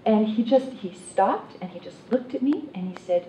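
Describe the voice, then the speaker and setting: A woman telling a personal story at a workshop in an animated, self-mocking way. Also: mid-range voice, moderate pace, hardly any pauses, dull audio. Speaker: workshop participant. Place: conference workshop room. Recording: roomy, distant, noisy room mic.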